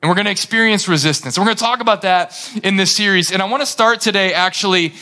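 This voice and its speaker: A male pastor delivers a lively, conversational sermon, retelling scripture scenes with dramatic flair. His voice sits high for a man and rings bright and forceful. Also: quick pace.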